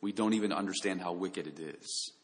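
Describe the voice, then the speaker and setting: A man's voice: low voice, brisk, in a large hall, rough recording. A man preaching a sermon, speaking earnestly and addressing listeners directly with rhetorical questions. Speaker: pastor.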